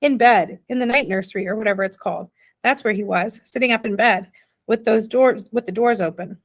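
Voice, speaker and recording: A woman reading the part of a small, homely father who explains things slowly in plain, ungrammatical speech. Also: medium pitch, natural voice. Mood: defensive. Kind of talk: audiobook character reading.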